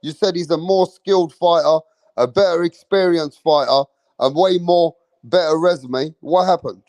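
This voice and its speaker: A man's voice: a little high, normal speed, darkish tone, dry recording. A man hosting a live stream about boxing, brash and profane, talking straight to his chat and boasting about his predictions. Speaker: boxing channel host.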